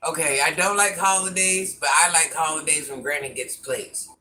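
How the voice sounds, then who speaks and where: Her deep, sharp voice moves at a moderate pace as this older mukbang streamer enjoys her food and chats with those watching live. The recording sounds distant, with a little background noise.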